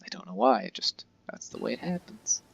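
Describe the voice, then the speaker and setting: A let's-play host casually commentates his own strategy game run, chatting and joking with viewers and reacting aloud to what happens. His mid-range voice is gravelly, a bit bright and sing-song, moving a little fast. There's slight background noise.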